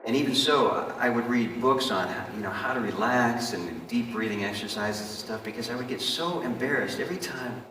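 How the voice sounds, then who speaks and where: A man's voice: mid-range voice, moderate pace, hardly any pauses, noisy background. A man giving an earnest stage monologue, confiding directly in his audience. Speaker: stage performer telling his life story. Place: stage in a large hall. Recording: echoey hall from far off.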